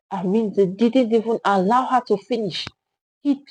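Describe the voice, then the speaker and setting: A woman's voice: mid-range voice, a little slow, darkish tone, low-quality recording. A woman narrating a dramatic story with emphatic delivery.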